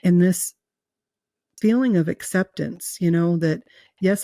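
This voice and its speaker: Woman guest, heartfelt storyteller, gravelly fry in her voice, close and dry. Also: lowish voice, takes it slowly, long pauses, dark tone, dry recording. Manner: earnest, emotional, with fillers and restarts. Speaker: guest telling her near-death experience. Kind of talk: personal storytelling in an interview.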